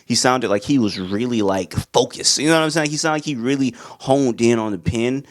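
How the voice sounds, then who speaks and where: Excitable young man reviewing albums. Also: medium pitch, moderate pace. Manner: loose and excitable, slangy, sings along to songs. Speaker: music reviewer. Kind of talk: casual album review talk.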